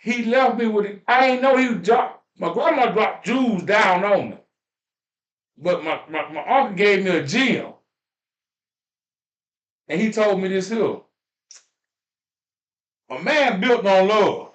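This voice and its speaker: A man with a high voice tells heartfelt stories in a preachy, repetitive way and swears as he goes. His voice rings with a roomy echo. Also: slow, pauses often, fairly bright tone, dull audio. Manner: preachy, repeats phrases, swears freely. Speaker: podcast host. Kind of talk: emotional storytelling chat.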